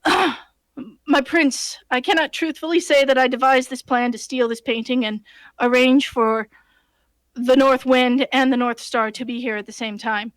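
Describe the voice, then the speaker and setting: A woman's voice: sits high, fairly even intonation, normal speed, no echo, lightly acted, low-quality recording. A woman playing a courtly, humble male tiefling bard with flowery speech. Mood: earnest.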